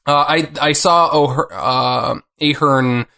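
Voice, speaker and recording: A man co-hosting a podcast in casual chat, halting and restarting often with small chuckles. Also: on the high side, steady tone, bright, forceful tone, clear, resonant tone. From Minnesota, USA. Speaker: podcast co-host.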